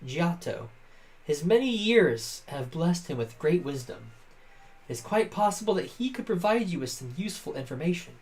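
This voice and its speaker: A man's voice: high-pitched, voice pushed up. A man voicing a noble young male fish-folk prince from a game, reading the lines formally and politely. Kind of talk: reading game dialogue aloud.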